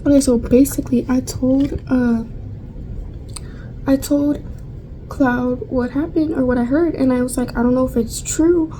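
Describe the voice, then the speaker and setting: A woman's voice: high-pitched, fairly even intonation, unhurried, warm tone, slight background noise, rough recording. A young woman vlogger chatting casually through a storytime while getting ready, rambling with lots of fillers and casual swearing.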